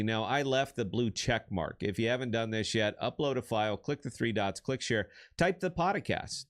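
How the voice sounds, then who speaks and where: Rambling casual man hosting a live stream. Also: medium pitch. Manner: rambling, restarts often, bursts into shouting laughs. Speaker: podcast host.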